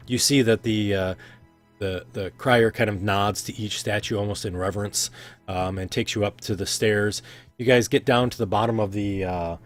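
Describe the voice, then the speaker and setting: Low-voiced man narrating as game master. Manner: rambling, many ums and restarts.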